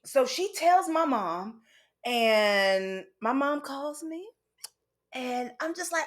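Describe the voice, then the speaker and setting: Woman host, higher voice, very lively pitch, candid storytelling, frank and casual. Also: slow. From United States. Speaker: podcast host. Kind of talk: personal storytelling monologue.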